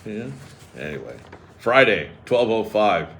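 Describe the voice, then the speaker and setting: With a mid-range voice at normal speed, a man hosts a sports radio show, tossing out sarcastic jokes and animated riffs in casual banter.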